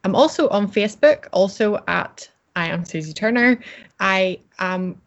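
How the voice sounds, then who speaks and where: A woman's voice: medium pitch, lively intonation, measured pace. Chatty cheerful woman guest. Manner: cheerful, chatty, laughs often. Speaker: interview guest, coach. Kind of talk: casual interview chat. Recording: slightly dull audio.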